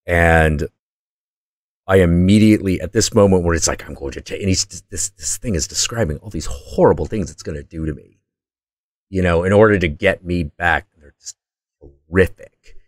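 Very deep-voiced man telling a wild story. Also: moderate pace, dry recording, studio quality. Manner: intense, profane, excitable retelling. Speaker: host. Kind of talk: casual storytelling monologue.

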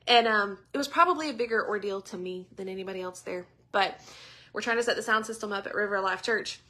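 A woman, giving a casual devotional talk in a chatty, animated storytelling way. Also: medium pitch, quick pace.

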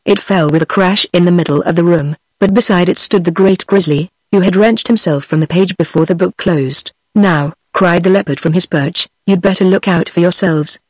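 A text-to-speech voice of a woman with a British accent, narrating a fairy-tale audiobook in an even, steady way. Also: fairly low pitch, fairly quick, few pauses, husky, no echo.

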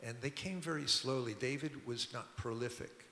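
An older man, a guest record producer and musician, shares anecdotes at a public talk in a museum auditorium, rambling and chatty and frequently beginning sentences again. His gravelly voice sits at medium pitch with a bright edge, at a normal speed. The echoey hall gives a long ringing tail, with slight background noise.

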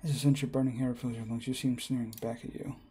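A man reading a game's story text aloud in a plain, even way, with small slips. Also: mid-range voice, quick pace, slightly rough. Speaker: gamer.

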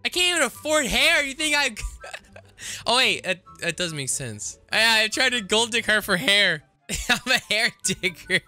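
A man's voice: extremely high pitch, sing-song, slow, pushed and bright, faint music behind. A man doing goofy, joking gameplay commentary as a gaming YouTuber.

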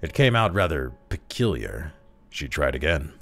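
A man with a remarkably deep voice narrates a dark short story. His delivery is dramatic and expressive, and his pitch rises and falls widely while he slows down on the tense moments. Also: gravelly, soft background music. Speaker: story reader.

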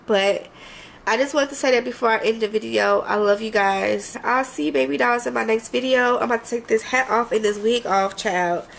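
A woman's voice: a little high, moderate pace, gravelly, a bit bright, a little hiss or hum, poor audio. A young woman vlogger, talking casually and heartfelt to her viewers, a bit congested and emotional, rambling and often asking if she makes sense. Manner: rambling, heartfelt, frequent "you know what I mean". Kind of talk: casual talk to camera.

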